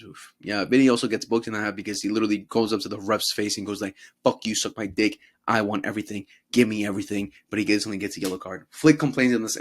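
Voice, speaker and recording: A young man hosting a casual football talk show, swearing freely and mocking players in put-on voices. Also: on the low side. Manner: profane, animated, mocks players in put-on voices. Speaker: podcast host.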